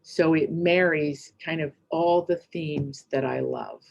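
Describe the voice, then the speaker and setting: A middle-aged woman giving a keynote speech, telling a story in a chatty, rambling, animated way with quick asides. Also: sits low, gravelly, highs cut off. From United States. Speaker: keynote speaker.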